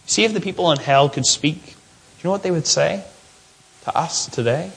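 A man's voice: on the high side, lively intonation, normal speed, a bit bright, slightly rough. A man preaching an expository sermon, earnest and emphatic, asking his listeners questions.

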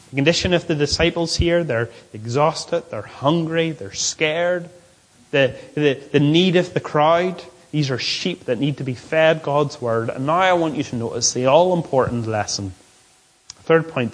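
A man preaching a sermon, repeating key phrases and stretching words out slowly for emphasis. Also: medium pitch, low-quality recording. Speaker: pastor.

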